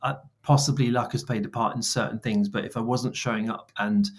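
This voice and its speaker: A man in his forties, a guest on an interview podcast, telling stories with lively quoted dialogue. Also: medium pitch, brisk. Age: 40s. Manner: animated, acts out dialogue in quoted voices. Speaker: guest, brand founder. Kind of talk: storytelling interview answers.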